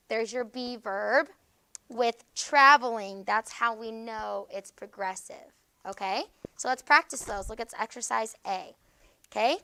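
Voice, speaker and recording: A woman leads a grammar class, her voice bright and crisp and a little high for a woman. She checks in with "okay?" after almost every point and slows down to stress each example phrase. The sound is dry and close, with no room echo. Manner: frequent checking "okay?" with students; slow, stressed reading of example words. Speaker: teacher.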